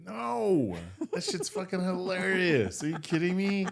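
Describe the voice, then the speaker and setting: A man's voice: high-pitched, expressive, unhurried, vocal fry. A man co-hosting a podcast in casual chat, reacting with short comments and laughing along. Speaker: podcast co-host.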